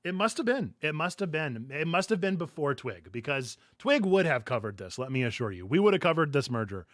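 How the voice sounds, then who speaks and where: Man, podcast host, animated and chatty, slightly high voice, laughs often. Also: brisk, no room sound, studio quality. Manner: laughs through his words, animated and chatty. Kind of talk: casual news chat.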